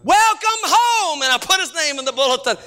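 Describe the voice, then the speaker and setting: A middle-aged man preaching as a pastor, telling stories to his congregation and rising to shouted peaks. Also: extremely high pitch, rapid-fire, clear, resonant tone. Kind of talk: sermon.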